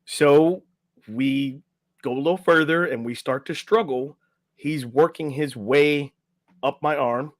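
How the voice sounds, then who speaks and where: A man's voice: a little high, slow pace, dry recording, studio quality. A middle-aged man, a podcast guest and life coach, telling a story casually and acting out the quotes, often tagging lines with "right?".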